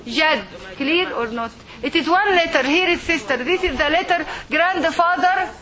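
Her voice is high and sharp as she teaches letters to a class of women, repeating words slowly and patiently for them. She's an Arabic teacher, and the classroom is noisy with the crowd.

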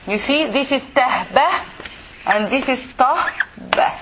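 A woman with as her leads a pronunciation lesson and drills each syllable patiently. Her voice sits high and she speaks slowly. A faint noise runs under the recording. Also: a bit bright, poor audio. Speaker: Arabic teacher. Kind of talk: language lesson for women.

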